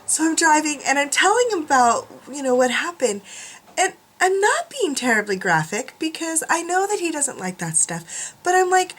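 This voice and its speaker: A woman's voice: sits high, sing-song, moderate pace, a bit bright. A woman vlogging from a room at home, chatting casually to camera in a self-mocking way, laughing often.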